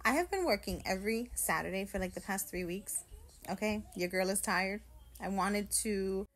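Animated swearing woman telling a story. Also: mid-range voice, normal speed, poor audio. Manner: animated, swearing, acts out quotes. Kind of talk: casual storytime rant.

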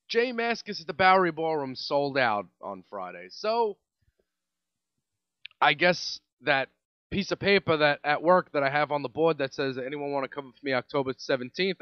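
A young New York man rants on his own podcast in a rambling, exasperated way, often restarting his sentences. His voice sits high and swings widely in pitch. The recording is dry and a little dull. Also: clear, resonant tone, dry recording. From Staten Island, New York. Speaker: podcast host. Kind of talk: casual solo podcast rant.

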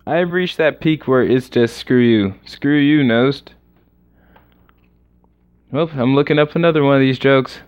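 A man narrating his own gameplay with mock-dramatic, exasperated groans. His voice sits at an ordinary middle pitch. The recording is lo-fi and slightly muffled. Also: a little slow, long pauses, smooth. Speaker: gamer. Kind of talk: let's-play commentary.

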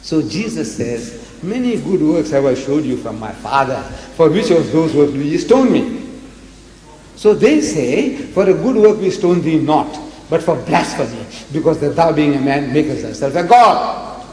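Older male lecturer from South Africa, animated and given to acting out quotes, pitched a little high, recorded in a big echoing hall. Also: unhurried. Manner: animated, quoting and acting out dialogue. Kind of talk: religious debate lecture. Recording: echoey hall with faint noise.

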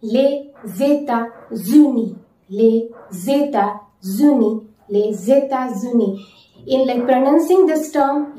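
A woman from India teaching French country names, saying each word slowly several times over. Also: high-pitched, dark tone. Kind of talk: slow language lesson with repeated pronunciations. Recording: echoey room, voice a bit far from the mic.

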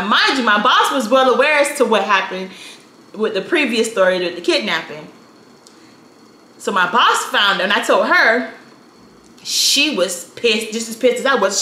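A chatty woman in her thirties from South Florida tells a personal story in a casual, animated way. Her voice is bright and clear. The room is echoey, with a faint hiss behind her. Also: mid-range voice. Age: 30s. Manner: chatty, animated, uses "you know" a lot. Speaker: storytime vlogger.

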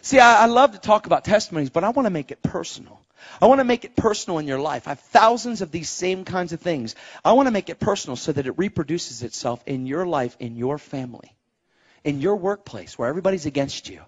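Guy preaching testimonies, big swings loud to quiet, lively pitch all over. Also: quick pace. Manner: animated storytelling, swings between loud exclaims and low asides. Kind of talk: testimony sermon. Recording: dull lo-fi live recording.

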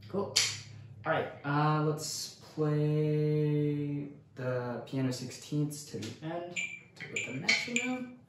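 A man giving a casual percussion lesson in a relaxed way, counting rhythms aloud and often saying "cool". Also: a little high, slow. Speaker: percussion instructor. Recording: very echoey room, faint noise.

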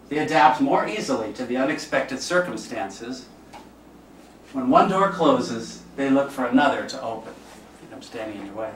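A man, a priest, giving an informal, conversational teaching talk and acting out the voices of people he quotes. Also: mid-range voice. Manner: conversational, acts out quoted speech. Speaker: priest leading a class. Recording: echoey room, distant mic, faint noise.

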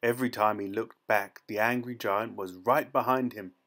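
A man reading a fairy tale aloud in a steady, expressive storytelling manner. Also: on the low side, normal speed.

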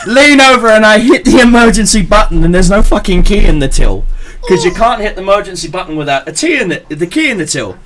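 A man's voice: high voice, expressive, fast talker, few pauses, background noise. A young man, hosting a podcast and telling a crude story in a loose, laughing way. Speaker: podcast host. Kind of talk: casual storytelling.

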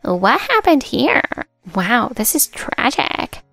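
A woman's voice: a little high, animated, moderate pace, vocal fry, faint music behind, voice pushed up. A woman reading the lines of an entitled, rude young woman coworker who sneers at others. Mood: sneering.

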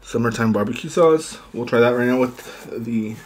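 A young man talks casually to his viewers as he works through a big meal for a mukbang vlog, chatting between bites. His voice sits at an ordinary middle pitch, recorded close at a table with a faint hiss in the background. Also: moderate pace. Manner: quiet murmured prayer. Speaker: mukbang vlogger. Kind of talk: casual eating vlog chat.

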